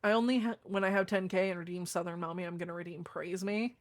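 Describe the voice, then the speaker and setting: Casual woman streamer with a deeper voice. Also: fairly even intonation, fast talker. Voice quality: deeper voice than most women. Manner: chatty, swears casually, reacts to chat. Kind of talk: casual live-stream chat.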